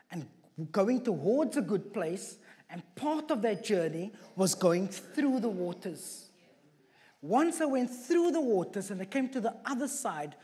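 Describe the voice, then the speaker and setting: A man's voice: sits high, a little mellow. A man preaching a sermon with an accent that stands out to his listeners, mixing scripture with jokey, self-deprecating asides. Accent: non-local accent. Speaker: guest preacher. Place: church hall. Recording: echoey church hall.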